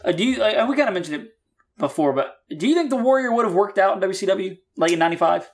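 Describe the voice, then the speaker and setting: A man's voice: sits high, lively intonation, quick pace. Male co-host, easygoing, quizzes partner, casual wrestling chat. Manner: easygoing, questioning, laughs often. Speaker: podcast co-host.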